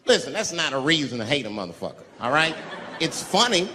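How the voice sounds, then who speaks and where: A male comedian with a fairly high, lively voice swaggers through a profane routine. It swings from loud bursts to near-whispers. His voice fills a large venue with a long echo over clearly audible crowd noise. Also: fairly quick. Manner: profane, swaggering, jumps between loud and quiet. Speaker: stand-up comedian. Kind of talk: stand-up comedy storytelling. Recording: live stage with long reverb and audience noise.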